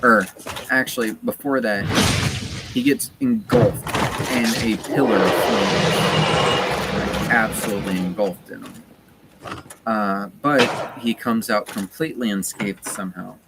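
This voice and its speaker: A man's voice: lowish voice, unhurried. A man streaming a game in casual chat, retelling a story in a rambling way with many fillers. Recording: loud steady background noise.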